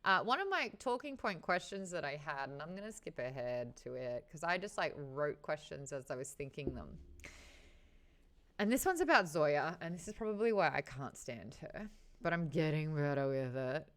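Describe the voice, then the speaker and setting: A woman hosting a casual book discussion, chatty and animated, swearing freely and laughing often. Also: low-pitched, normal speed. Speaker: host.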